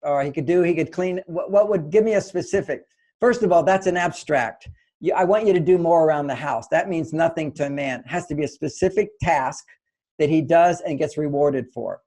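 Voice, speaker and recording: A man's voice: fairly high pitch, a little fast, a little mellow. An older man giving relationship advice in an interview, explaining steps and acting out both partners in quoted dialogue. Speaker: relationship author and guest.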